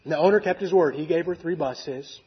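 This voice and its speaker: A man's voice: a little high, fairly quick, husky, dull audio. A man preaching, retelling a story in a conversational way with fillers and acted quotes. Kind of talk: sermon storytelling.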